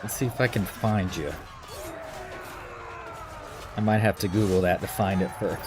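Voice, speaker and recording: A deep-voiced American man streams a game, chatting and rambling with his viewers at normal speed. He's relaxed and talkative with many fillers, and there's steady background noise.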